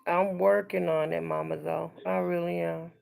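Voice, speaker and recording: A woman's voice: lowish voice, steady tone, normal speed, gravelly, a little mellow. A woman hosting a casual live stream from home, chatting and confiding to viewers she calls y'all and girl.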